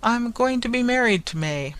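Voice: mid-range voice, animated, normal speed, fairly bright tone, pitched above the performer's own voice, close to an everyday voice. A reader voicing a sneering, muttering toy merchant. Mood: scornful. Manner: gruff, muttering, contemptuous. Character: sneering grumpy middle-aged male toy merchant. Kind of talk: audiobook character reading.

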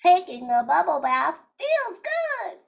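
A woman voicing a playful, squeaky funny voice while reading a children's picture book aloud, bouncy and sing-song. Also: huge pitch swings, takes it slowly, gravelly, full character voice. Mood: silly.

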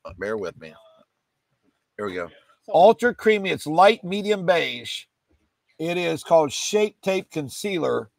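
Fast-chanting male auctioneer. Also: fairly high pitch, very animated, creaky, no echo. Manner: rapid auction chant with repeated numbers. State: coughing, choked up. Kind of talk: live online auction selling.

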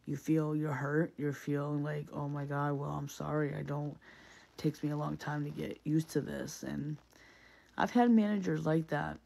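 A man's voice: on the high side, flat delivery, normal speed, vocal fry, darkish tone. A man in a casual, reflective monologue, speaking earnestly and often repeating himself with many fillers.

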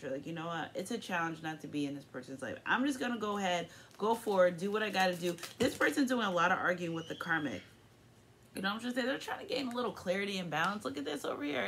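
A woman's voice: medium pitch, a bit bright, a little hiss or hum. A woman giving a casual tarot reading, rambling, profane and upbeat. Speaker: tarot reader.

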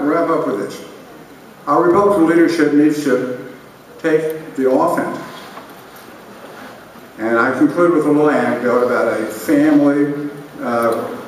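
Wry man speaking in an echoey hall. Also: mid-range voice. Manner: wry, joking storyteller. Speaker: conference speaker. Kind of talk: political speech with a humorous anecdote. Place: large conference hall. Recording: echoey hall, speaker from far off, faint noise.

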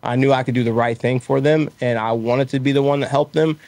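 Animated candid businessman telling stories. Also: mid-range voice, fairly quick. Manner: candid, animated storytelling, acts out quoted voices. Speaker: interview guest, roofing business owner. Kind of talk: casual conversational interview.

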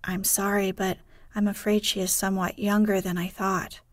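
A woman reading a brisk, pushy aunt. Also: medium pitch, flat delivery, no room sound, clean studio sound, lightly acted. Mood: apologetic. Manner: polite but pushy. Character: brisk, bold young aunt servant.

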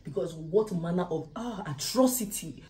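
A woman's voice: fairly low pitch, expressive, moderate pace, mellow, slight background noise, low-quality recording. A young Nigerian woman with a Nigerian accent, chatting casually to camera at home in a vlog, joking about being broke. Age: young adult. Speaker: vlogger. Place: at home, indoors.

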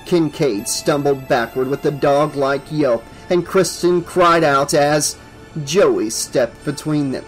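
A man reading aloud as the narrator of a horror audiobook, in a steady, measured way. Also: a little high, soft background music, rough recording. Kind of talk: scripted narration.

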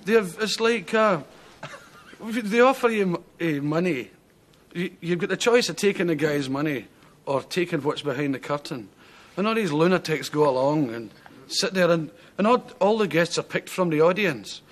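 A Scottish talk show guest tells rambling comic anecdotes, chuckling his way through, in a fairly high, expressive voice at a moderate pace. It's a TV studio with a live audience, recorded in the 1970s with audience laughter and hiss.

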